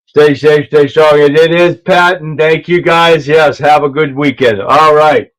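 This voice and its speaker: A man hosts a casual livestream, loud and rambling as he reacts to clips. His voice sits a little high. He talks into an earpiece mic. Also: fairly even intonation, measured pace, low-quality recording. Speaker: livestream host.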